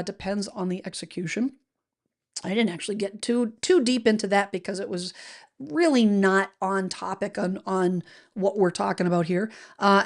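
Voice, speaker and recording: Middle-aged American woman, casual livestream host, rambling and chatty, reads comments aloud. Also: mid-range voice. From United States. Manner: chatty and rambling, many fillers and restarts. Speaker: real estate show host. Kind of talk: casual livestream chat reading viewer comments.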